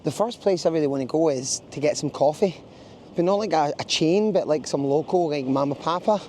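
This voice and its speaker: A man's voice: a little high, fairly quick, darkish tone, a little hiss or hum. A man with a Scottish accent vlogging casually outdoors in a small town, chatty and jokey, rambling as he walks. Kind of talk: casual travel vlog to camera.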